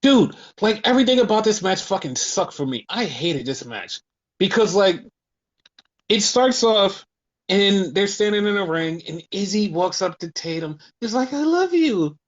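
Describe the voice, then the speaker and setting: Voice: mid-range voice, expressive, moderate pace, lo-fi sound. A podcast co-host in casual chat, ranting with heavy swearing and lots of repetition. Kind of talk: casual wrestling review chat.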